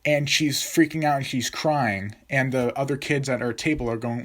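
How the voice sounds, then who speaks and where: Young man, casual storytime narration, rambling, lots of "like" and restarts, mid-pitched voice. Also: moderate pace.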